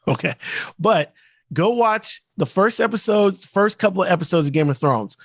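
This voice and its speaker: A man co-hosting a podcast, ranting in casual chat and mimicking actors in quick asides. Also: high-pitched, animated, no echo, clean studio sound. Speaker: podcast co-host.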